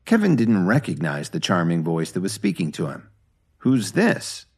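A man reading a story aloud in scripted narration, steady and even. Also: low voice, brisk, breathy edge.

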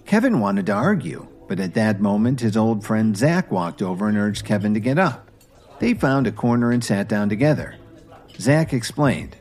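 Expressive male storyteller, lively melody. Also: fairly low pitch, normal speed, faint music behind. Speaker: narrator. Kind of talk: scripted storybook narration.

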